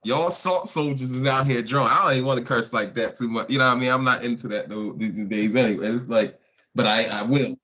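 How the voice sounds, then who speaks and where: A man's voice: medium pitch, fairly even intonation, quick pace, pushed and bright. A man hosting a live stream, talking casually and mocking his chat with laughs. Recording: dull lo-fi stream audio.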